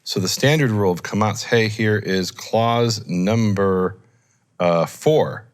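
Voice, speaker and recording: A man with a fairly low voice walks through grammar rules in an unscripted teaching chat. He thinks aloud, pauses on fillers and corrects himself mid-sentence. His delivery is explanatory and patient. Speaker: Hebrew scholar teaching. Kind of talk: informal teaching discussion.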